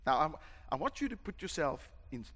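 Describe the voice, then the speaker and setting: A male pastor preaching a sermon, emphatic and dramatic, shouting at the peaks. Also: on the high side, sing-song, fairly quick. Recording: long hall reverb.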